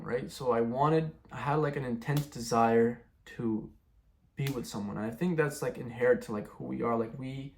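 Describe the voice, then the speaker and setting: Here the testimony comes from a young man whose mid-range voice has a darkish tone. His account wanders loosely and leans heavily on fillers such as "like" and "bro."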